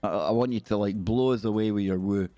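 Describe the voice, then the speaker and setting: A man's voice: lowish voice, fairly quick, dark tone, dry recording, soft background music. Chatty Scottish man hosting a stream. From Scotland. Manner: chatty, jokey, rambling. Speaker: live-stream host. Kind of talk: casual live-stream chat.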